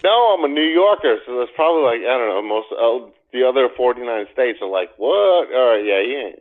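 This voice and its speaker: Joking New Yorker on a tinny line. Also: male voice, medium pitch, brisk. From New York. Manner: joking, laughing, lively. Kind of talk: casual chat. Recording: tinny phone-like call audio.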